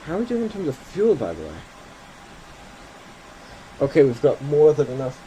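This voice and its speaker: A man's voice: on the high side, huge pitch swings, normal speed, warm tone, highs cut off, a little hiss or hum. A man giving casual commentary while playing a flight simulator, thinking aloud and correcting himself as he goes.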